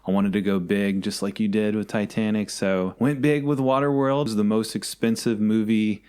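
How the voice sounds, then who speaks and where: A man in his thirties with a very low voice co-hosts a movie podcast. He rambles through casual chat, teases his co-host and often restarts mid-sentence. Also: steady tone, moderate pace, a little mellow, clean tone. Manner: rambling, self-correcting, teasing.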